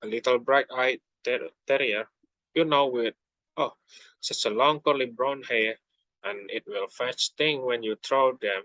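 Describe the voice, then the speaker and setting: A man's voice: mid-range voice, pushed and bright, no echo, lo-fi sound. Alice, a young man reading a chatty little girl. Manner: halting, stumbling over words. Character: polite, curious little girl, chatty and flustered.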